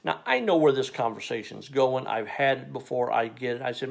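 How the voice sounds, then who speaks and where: A comedian from Missouri telling a funny story in a dry, exasperated way, sometimes breaking into incredulous rants. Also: male voice, mid-range voice, a little fast, vocal fry. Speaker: stand-up comedian.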